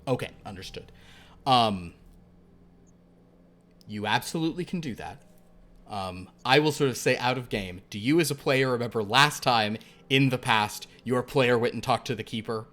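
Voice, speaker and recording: A man's voice: medium pitch, moderate pace, a bit bright. A man narrating as game master of a tabletop horror game, loose and rambling with many fillers.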